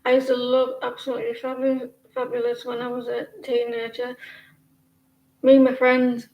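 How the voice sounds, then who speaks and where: A woman's voice: on the high side, monotone, normal speed, a little mellow, echoey room, rough recording. A woman giving tarot readings on a casual livestream, chatting in a rambling way and often breaking off mid-sentence. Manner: rambling, chatty, self-interrupting. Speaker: tarot reader.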